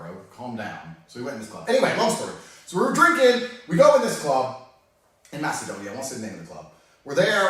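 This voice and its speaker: A man telling a story in casual chat, animated, laughing often and swearing freely. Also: medium pitch. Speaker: storyteller on a podcast. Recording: echoey room from far off.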